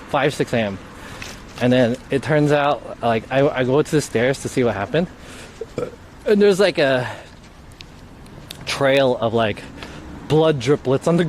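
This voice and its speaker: A man's voice: mid-range voice, animated, unhurried, pauses often. A man live-streaming outdoors in light rain, telling a story in a rambling, cursing way full of "like". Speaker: IRL streamer. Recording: street noise behind.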